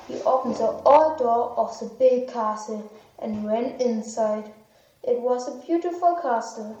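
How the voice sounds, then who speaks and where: A woman reads a children's story in a slow, clear, deliberate way, her voice fairly high. The recording is roomy and slightly dull. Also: mellow, distant mic. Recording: echoey, dull lo-fi room recording.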